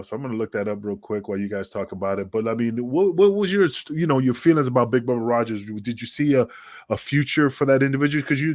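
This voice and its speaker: Podcast co-host, man in his fifties, rambling casual talk, mid pitch, dry sound. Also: no room sound. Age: 50s. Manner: rambling, many fillers and restarts. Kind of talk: casual chat.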